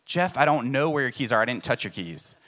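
A patient, steady wife who answers plainly and does not rise to the bait while a man plays her in a story. Her tone is calm and matter-of-fact, lower and quieter than the teller's own voice. She has a bright, clear edge. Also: a little fast, natural voice.

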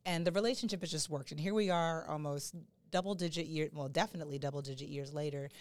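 A woman's voice: low voice, no room sound. A woman co-hosting a podcast in casual chat, rambling and joking as she talks. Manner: chatty, rambling, quick to joke. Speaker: podcast co-host.

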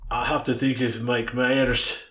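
A man's voice: mid-range voice, little pitch movement, fairly bright tone. Man, podcast co-host, mid-range voice, eager, agreeable, casual banter. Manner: eager, agreeable, quick to react. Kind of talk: casual comedic podcast chat.

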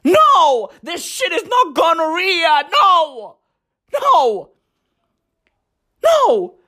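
A woman hosting a comedic podcast, ranting in slangy, profane, excitable talk. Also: very high-pitched, extremely slow. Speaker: podcast host.

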